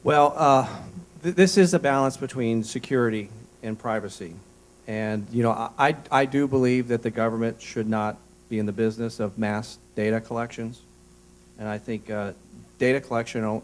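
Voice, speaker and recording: A man answering as a candidate at a forum, measured and hedging, stammering at the starts of sentences. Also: lowish voice, steady tone. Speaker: congressional candidate.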